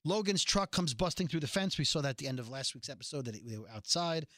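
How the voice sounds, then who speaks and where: A man's voice: fairly high pitch, lively intonation, fast talker, a bit bright, dry recording, studio quality. A man casually recapping a TV episode as a podcast host, chatty and joking, with rambling asides. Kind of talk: casual chat.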